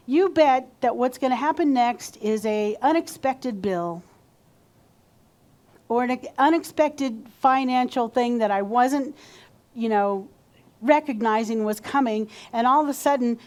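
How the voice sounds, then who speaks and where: A woman's voice: a little high, a little slow, a little mellow. A woman minister giving a sermon in a conversational way, sometimes acting out how people talk to themselves. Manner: conversational, acts out quoted self-talk.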